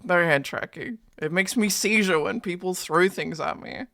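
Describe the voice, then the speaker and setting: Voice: mid-range voice, normal speed, creaky, sharp tone, dry recording, studio quality. A live streamer chatting casually with viewers, greeting chatters by name and swearing freely in playful, mock-dramatic rants. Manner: mock-dramatic, hypes things up then undercuts them.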